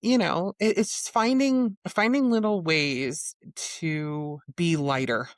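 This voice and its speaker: A woman hosting a podcast, chatting in a relaxed, reflective way. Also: fairly low pitch, slow pace, no echo, studio quality. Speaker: podcast host. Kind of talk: casual interview chat.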